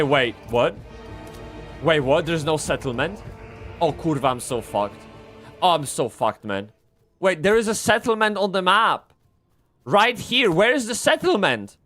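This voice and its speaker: A man streaming a game live, rambling and swearing as he swings from excited yelling to low muttering. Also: normal speed, soft background music. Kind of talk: live gameplay commentary.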